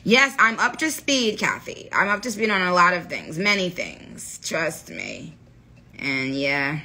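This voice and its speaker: A woman's voice: fairly low pitch, animated, a little slow, sharp tone. A woman in her thirties chatting playfully on a livestream, talking directly to her viewers and reading their comments. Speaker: livestream host. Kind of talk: casual livestream chat.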